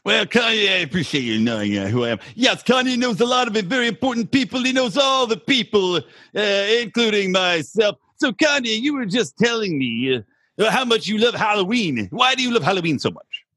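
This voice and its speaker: A man's voice: high-pitched, very animated, fairly quick, sharp tone, slightly rough, dry recording, exaggerated voice. A man doing a brash, sing-song mock president. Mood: pompous. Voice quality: wildly swooping, sing-song put-on accent. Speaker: podcast host. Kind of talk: drunken comedy role-play.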